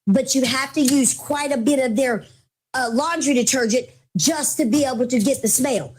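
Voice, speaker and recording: A woman hosting a casual live-stream sale, chatting with viewers, calling them baby girl and mama, with her voice going hoarse from talking. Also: high-pitched, moderate pace. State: losing her voice.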